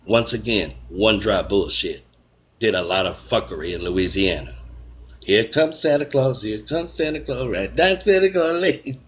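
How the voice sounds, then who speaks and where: A man with a somewhat low voice tells his childhood story in a relaxed chat. He talks freely and animatedly, slipping into other people's words as he goes. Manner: animated, acts out quotes with raised pitch.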